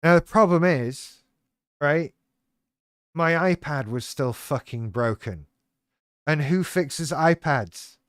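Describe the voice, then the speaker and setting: A man's voice: fairly high pitch, animated, slow pace, pauses often, clean tone, no room sound, clean studio sound. A man telling a personal story in a rambling, self-deprecating way with a lot of swearing. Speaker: channel host talking about living with BPD. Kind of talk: casual personal monologue.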